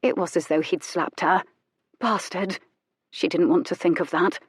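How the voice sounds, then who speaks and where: A woman narrating an audiobook in an intimate, measured storytelling manner. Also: on the low side, steady tone, husky, no room sound. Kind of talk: scripted narration.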